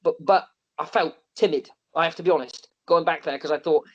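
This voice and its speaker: A man telling animated, self-mocking stories on a podcast, often restarting and laughing. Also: a little high, brisk. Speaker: wrestler and wrestling promotion owner. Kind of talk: podcast interview storytelling. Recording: slightly muffled podcast audio.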